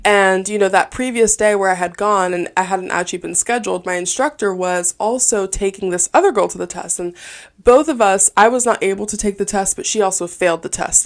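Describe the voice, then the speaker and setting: A woman in her twenties hosting her own podcast, telling personal stories in a chatty, candid way full of fillers. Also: medium pitch. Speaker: podcast host. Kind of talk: casual solo podcast talk.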